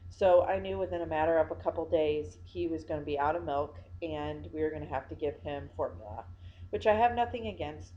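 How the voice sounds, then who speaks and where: Young woman vlogger, tired, rambles with restarts; lowish mellow voice, muffled lo-fi home audio. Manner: rambling, self-interrupting, with many fillers. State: yawning, tired. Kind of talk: casual personal vlog.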